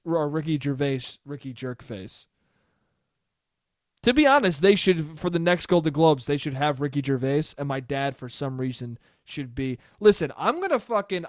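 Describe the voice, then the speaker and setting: A man's voice: a little high, no room sound, studio quality. A young man hosting a solo podcast, telling rambling, profane stories about his family and acting out their lines. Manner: rambling, profane storytelling with quoted voices. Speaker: podcast host. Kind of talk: solo comedic podcast monologue.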